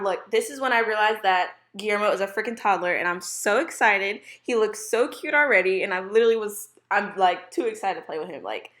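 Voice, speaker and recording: A young woman, a gaming YouTuber, voices over her gameplay in a bubbly, gushing way, packed with "like" and exclamations. Her mid-range voice is a bit bright and sounds roomy, recorded in a home room with dogs.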